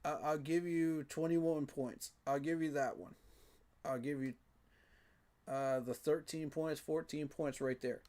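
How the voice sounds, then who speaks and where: A man's voice: on the high side, steady tone, a little slow, darkish tone. A man giving a frustrated, emphatic postgame reaction rant, repeating his points for emphasis. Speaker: sports fan commentator.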